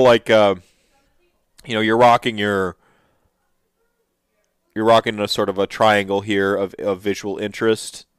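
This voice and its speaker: Male host, casual commentary; smooth, resonant, dry; eager and rambling. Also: on the low side, no room sound. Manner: enthusiastic, rambling with restarts and fillers. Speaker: host reacting to miniature reveals.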